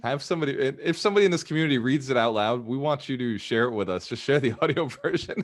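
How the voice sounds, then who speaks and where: A man coaching a live online group, energetic and repetitive, often laughing as he talks. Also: medium pitch, quick pace. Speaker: business coach.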